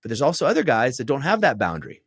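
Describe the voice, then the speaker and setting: A man's voice: mid-range voice, huge pitch swings, racing, slightly rough, no room sound, clean studio sound. A man hosting a podcast, giving direct, firm coaching advice to men in a monologue and often checking in with "right?". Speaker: podcast host and men's relationship coach.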